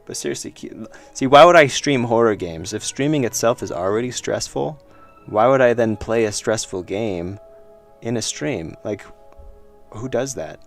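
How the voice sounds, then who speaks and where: A man's voice: fairly low pitch, vocal fry. A man streaming a horror game, thinking aloud in rambling casual commentary with self-mocking laughs. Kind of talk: casual let's-play commentary.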